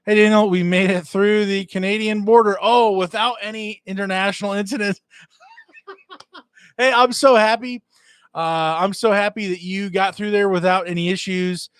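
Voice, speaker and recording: A middle-aged man hosts a casual livestream indoors from his home, greeting chat viewers by name and using lots of "uh" fillers. His high-pitched voice is steady, smooth, and a bit bright, at a moderate pace. The sound is studio quality with no echo.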